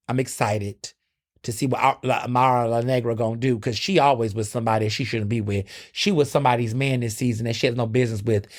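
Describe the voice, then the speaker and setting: A young man hosting his own podcast, chatting casually and dramatically, with sudden jumps up in pitch. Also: a little mellow. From United States. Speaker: podcast host. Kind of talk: casual solo commentary.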